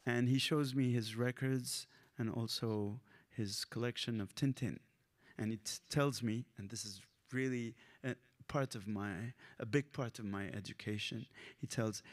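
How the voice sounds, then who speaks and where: A man's voice: mid-range voice, steady tone, unhurried. Male author, grew up in Lebanon, live reading with wry, self-correcting commentary. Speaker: comics author. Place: library event.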